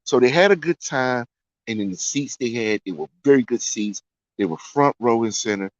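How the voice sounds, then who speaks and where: A man's voice: medium pitch, moderate pace, no echo. A man telling a story in a casual way, often repeating lines for effect. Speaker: storyteller host. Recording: dry, dull lo-fi sound.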